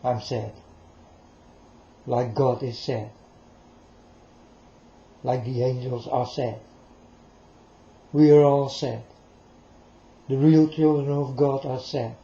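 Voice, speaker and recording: A man's voice: mid-range voice, fairly even intonation, slow pace, pauses often, mellow. A man delivering a rambling, preachy monologue straight to his listeners, repeating himself as he goes. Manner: preachy, repetitive, addresses listeners directly. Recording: roomy, dull lo-fi recording.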